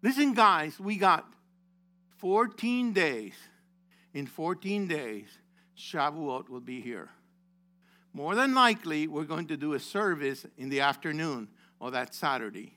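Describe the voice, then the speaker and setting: Male pastor, sermon delivery, fairly high voice, addresses the flock by name. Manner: rising to loud impassioned exhortation, then dropping low; addresses congregation members by name.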